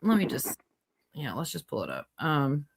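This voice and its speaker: A woman's voice: low-pitched, huge pitch swings, moderate pace, slight background noise. Chatty woman hosting a livestream. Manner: chatty, reads out viewer comments. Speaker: livestream host. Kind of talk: casual chat.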